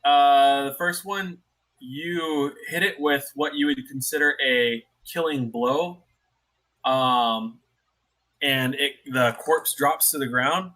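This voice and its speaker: A man's voice: mid-range voice, slow, sharp tone. A man narrating as dungeon master in a tabletop game, in a loose style full of fillers.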